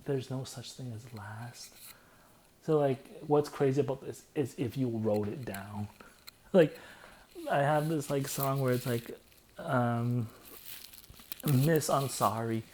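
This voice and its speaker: A man giving a casual comedic breakdown of song lyrics, excitable and laughing often, sometimes dropping into hushed breathy asides. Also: medium pitch, a little slow, slight background noise.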